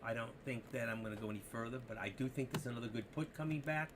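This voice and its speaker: A man hosting a live trading stream, talking to viewers in an excitable, rambling, joking way. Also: mid-range voice, quick pace, noisy background. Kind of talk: casual live-stream commentary.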